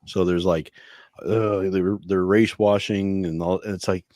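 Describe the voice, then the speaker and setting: A man's voice: sits low, a little slow, darkish tone, no room sound. A man co-hosting a casual podcast, rambling through his opinions with restarts and chuckles. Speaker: co-host.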